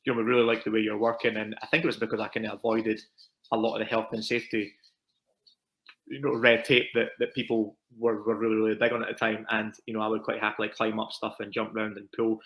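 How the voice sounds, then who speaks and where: A man's voice: on the low side, level tone, a bit bright. A Scottish man in his thirties, a property investor guest telling his story casually in an interview, repeating words as he goes. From Scotland. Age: 30s. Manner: quick, rambling with repeated words.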